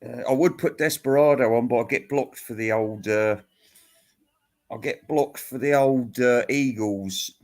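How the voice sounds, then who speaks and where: Ranting man, mid pitch, crude rambling host who chuckles at himself. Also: unhurried, a little mellow. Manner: crude, ranting, laughs at his own jokes. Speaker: host answering viewer questions. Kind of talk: rambling comic monologue.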